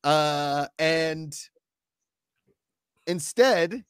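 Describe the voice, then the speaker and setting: A young man in his twenties co-hosts a casual sports talk show, venting with big animated swings in his voice. His voice sits a bit high for a man, and the sound is dry and close-miked. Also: extremely slow, clear, resonant tone, no room sound. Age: 20s. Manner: animated, exasperated ranting. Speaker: podcast co-host.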